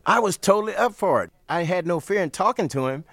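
A man's voice: sits high, fast talker, no room sound, studio quality. Older man telling stories with easy chuckles. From St. Louis, USA. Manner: relaxed, chuckling, repeats phrases. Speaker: interview guest. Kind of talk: storytelling in an interview.

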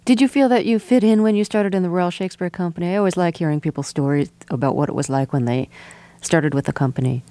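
Woman interviewer, low mellow voice, dry booth sound, calm and curious. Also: fast, few pauses. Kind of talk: interview questions.

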